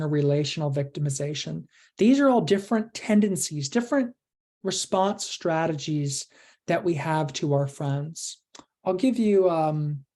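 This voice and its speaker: Low, mellow woman coaching a workshop. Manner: earnest, coaching, uses rhetorical questions. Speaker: workshop presenter. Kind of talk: online workshop teaching.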